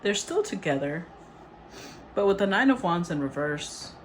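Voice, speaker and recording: A woman giving a casual, rambling tarot reading, chatty and quick to laugh. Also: fairly low pitch, big pitch swings, slight background noise. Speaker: tarot reader.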